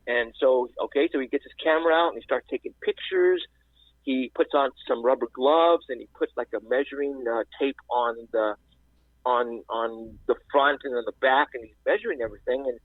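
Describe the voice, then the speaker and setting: A man, calling into a radio show and telling a story in a rambling, animated way with lots of restarts. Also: mid-range voice, no room sound. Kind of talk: casual storytelling. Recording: dry, husky phone-line audio.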